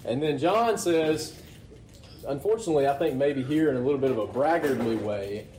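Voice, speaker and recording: A pastor preaching a conversational sermon, often asking the congregation rhetorical questions. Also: male voice, mid-range voice, moderate pace, darkish tone, roomy sound, slight background noise, rough recording.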